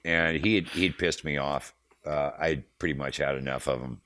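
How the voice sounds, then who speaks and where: Casting: low, bright-toned man in his fifties, salty raconteur, dry close sound. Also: steady tone, normal speed, no room sound. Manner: profane, heated storyteller, acts out quotes. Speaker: touring manager guest. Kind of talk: casual storytelling interview.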